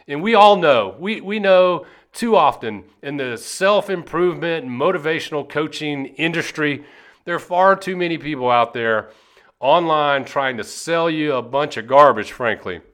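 A man's voice: a little high, fairly bright tone. A man hosting a motivational podcast, speaking earnestly and emphatically as a success coach and telling a story.

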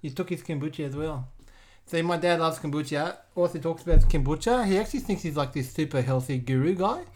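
A woman's voice: deep voice, brisk, lightly acted. A woman voicing a boastful, mischievous eight-year-old boy who hosts a comedy podcast. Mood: bratty. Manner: bratty and boastful, giggly, loud outbursts. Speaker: podcast host. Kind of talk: comedic improvised character podcast.

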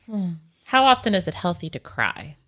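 A woman with a Southern accent chats about faith in an earnest, reflective way, often pausing and restarting. Her voice is lowish and bright, with a forceful edge. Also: very animated. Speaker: podcast co-host. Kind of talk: casual faith chat.

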